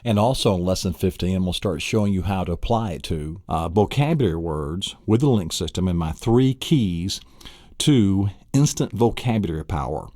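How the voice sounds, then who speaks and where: A man's voice: deep voice, lively intonation, normal speed, mellow, no room sound, studio quality. A man teaching a recorded memory course, enthusiastic and fond of acting out vivid mental pictures. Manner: enthusiastic, acts out vivid scenes. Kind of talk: recorded lesson.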